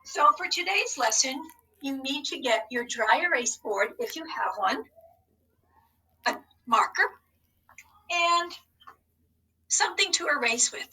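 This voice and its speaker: A woman's voice: high voice, lively intonation, bright, forceful tone, distant mic, rough recording. A woman teacher giving a recorded spelling lesson to young students in an upbeat, encouraging way. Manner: upbeat, encouraging, slow and deliberate.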